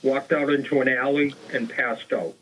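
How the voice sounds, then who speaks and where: A man's voice: medium pitch, steady tone, normal speed, fairly bright tone, poor audio. A male co-host of a paranormal talk show, retelling an old crime case in a casual way, with fillers and restarts. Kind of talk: storytelling a true crime case.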